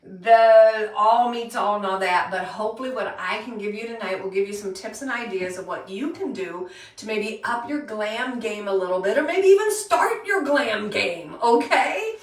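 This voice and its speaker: A woman's voice: medium pitch, expressive, normal speed. Chatty woman hosting a live makeup tutorial. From Pennsylvania. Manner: chatty, greets viewers by name. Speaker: makeup workshop host. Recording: roomy echo, voice a bit far from mic.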